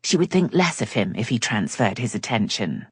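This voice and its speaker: Romance audiobook reader: woman, low pitch, dry close sound. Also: very animated, moderate pace, husky, no echo. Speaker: audiobook narrator. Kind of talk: scripted narration.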